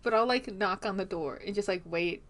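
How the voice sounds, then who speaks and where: A woman's voice: medium pitch, brisk. A woman chatting and laughing as a player in a tabletop game. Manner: giggly, animated, profane. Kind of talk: casual tabletop play.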